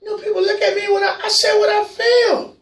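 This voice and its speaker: A talk show host delivering a passionate call-in monologue, repeating phrases and swinging from low murmurs to shouts. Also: level tone, fairly quick, far from the mic. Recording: roomy sound, voice from away from the mic.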